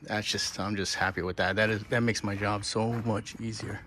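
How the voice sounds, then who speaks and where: A man's voice: on the low side, level tone, normal speed, background noise. A man vlogging outdoors at a boatyard, talking straight to viewers in a chatty, enthusiastic way. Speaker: boating vlogger. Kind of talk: casual on-camera commentary.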